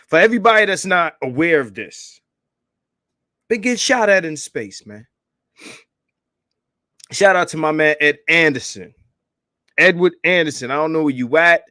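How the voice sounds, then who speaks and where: A man hosting a casual livestream, hyped and profane, calling out shout-outs to viewers and begging for likes. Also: a little high, expressive, normal speed, long pauses, dry recording, clean studio sound. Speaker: livestream host.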